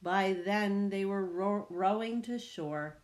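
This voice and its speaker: A woman reading a children's picture book aloud, with slow, expressive storytelling. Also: medium pitch. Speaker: reader.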